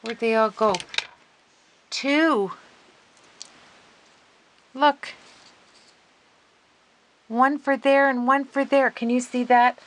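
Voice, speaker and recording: A woman hosting a casual craft video, gushing and excitable as she talks viewers through her work. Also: sits high, extremely slow, pauses often, a little hiss or hum, rough recording. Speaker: craft vlogger.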